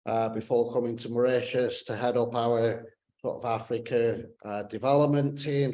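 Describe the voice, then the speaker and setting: A man's voice: mid-range voice, darkish tone. A man with a northern English accent co-presenting a webinar over a video call, teasing and joking as he talks. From northern England. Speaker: team lead, co-presenter. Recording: echoey room.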